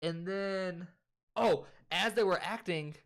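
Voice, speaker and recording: A young man with a slightly high voice retells a movie in an animated, profane rush. He jumps into quoted lines as he goes, casual and unpolished, like friends talking on the couch. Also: slow. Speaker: co-host. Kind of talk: casual movie recap chat.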